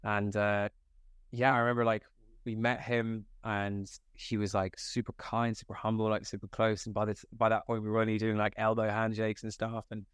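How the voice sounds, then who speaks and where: A young man from Scotland, an actor, telling set stories in a casual interview, animated and slangy, full of filler likes. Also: lowish voice, moderate pace, smooth, no room sound, clean studio sound. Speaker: actor guest.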